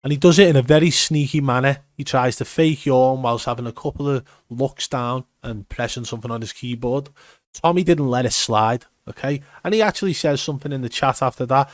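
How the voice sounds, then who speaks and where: A man's voice: medium pitch, brisk, no echo, studio quality. A man giving an emphatic, step-by-step commentary on gameplay footage. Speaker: gaming commentator. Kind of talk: video breakdown commentary.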